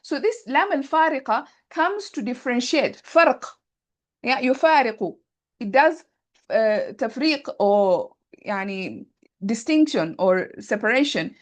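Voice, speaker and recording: A woman with a fairly high voice teaches grammar over a video call. She explains patiently, thinks out loud and keeps checking that her students have understood. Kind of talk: online class explanation.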